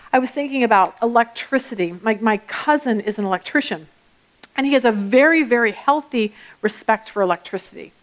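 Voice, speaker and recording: Chatty woman teaching a Bible study. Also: on the high side. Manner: chatty and animated, with personal stories and restarts; acts out everyday voices mid-talk.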